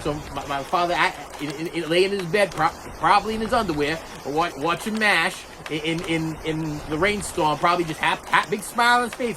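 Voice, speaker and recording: A middle-aged man telling a childhood story as an animated rant, repeating himself and acting out the scenes. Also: a little high, a little fast, few pauses, noisy background. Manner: animated, repetitive, acts out scenes. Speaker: vlogger.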